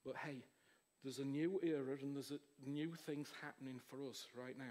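A man, preaching an informal charismatic sermon in an excitable, rambling way. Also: mid-range voice, moderate pace.

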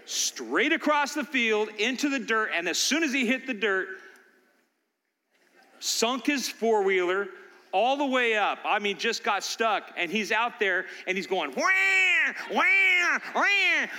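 An older man preaching a sermon, shifting between loud urging and soft storytelling. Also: sits high, expressive, measured pace, long reverb tail. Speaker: pastor.

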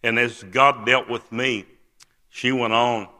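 An older man preaches a personal testimony in a sharp, very bright voice. He tells it earnestly, with frequent "uh" pauses. His words ring out with a long reverb through a big church hall. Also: mid-range voice, steady tone. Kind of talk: testimony sermon. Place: large church sanctuary.

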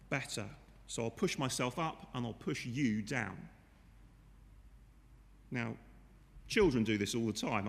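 A man preaches in a church, his mid-range voice fairly bright and echoing in a large hall. He talks to the congregation conversationally, often asking them rhetorical questions.

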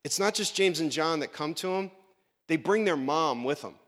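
A man preaching a lively sermon as pastor, acting out Bible characters in funny voices. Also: fairly high pitch, moderate pace, big-room sound. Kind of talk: animated sermon.

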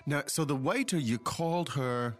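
A native English-speaking man with a mid-range voice hosts a language podcast, explaining phrases in a casual, chatty, animated way at normal speed. He teaches conversationally and prompts his co-host. Faint music plays in the background.

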